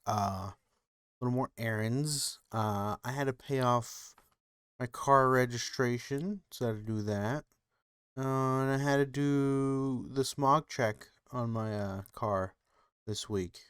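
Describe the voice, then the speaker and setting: Slow laid-back male podcast co-host. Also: medium pitch, fairly bright tone, clean tone, no room sound, clean studio sound. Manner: laid-back, halting with fillers. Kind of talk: casual chat.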